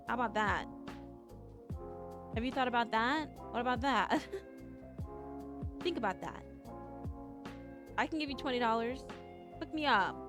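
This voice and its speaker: Playful giggly woman streamer. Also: on the high side. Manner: playful, giggly, teasing chat. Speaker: vtuber streamer. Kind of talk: casual live-stream chat.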